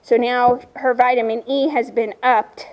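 A woman vlogging outdoors on her farm in a casual, chatty way. Her voice sits a little high and she takes her time, drawing out her words. She turns aside now and then to talk to her animals. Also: level tone, unhurried, muffled recording. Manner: chatty, talks to her animals between remarks. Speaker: horse owner vlogger.

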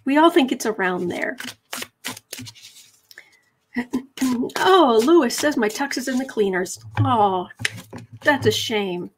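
Woman doing a tarot livestream, reads out comments, rambly chatty, bit high pitched. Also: animated, slow pace, long pauses, a little hiss or hum. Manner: chatty and rambling, self-correcting, mock-apologetic. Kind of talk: casual livestream chat reading comments.

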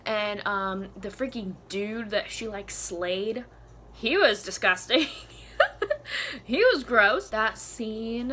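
A woman's voice: medium pitch, a little hiss or hum. A young woman with a Southern US accent, chatting casually in a book vlog, gushing with lots of laughs and "like". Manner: excited gushing with frequent laughs and "like". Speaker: book vlogger.

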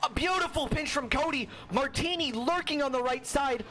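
A young man giving solo play-by-play commentary on a video game match, excitable and jokey, with a worn-out voice. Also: very high-pitched, normal speed, a little hiss or hum. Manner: excitable, jokey, frequent exclamations. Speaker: esports caster.

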